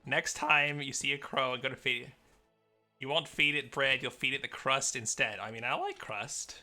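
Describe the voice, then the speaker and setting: A man's voice: mid-range voice, moderate pace, pushed and bright, soft background music. An American man live-streaming a game, chatting with viewers in a rambling, easygoing way and muttering asides as he plays. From United States. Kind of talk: casual live game stream, answering chat.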